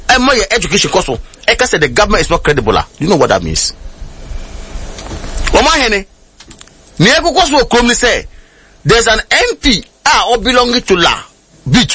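A man's voice: high-pitched, huge pitch swings, fast talker, pauses often, sharp tone, husky. A man with a Ghanaian accent, an outspoken political commentator on a radio panel, talking emphatically and switching between Twi and English.

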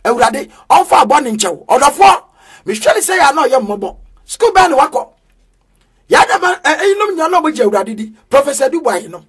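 A man preaching an energetic street sermon, chanting in a sing-song way with bursts of shouting. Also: very high voice, brisk.

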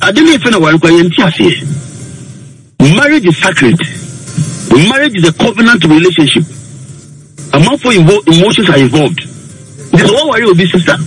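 A man's voice: high voice, a bit bright, poor audio. A man, a counselor on a radio talk show, giving earnest, preachy advice and mixing English with Twi.

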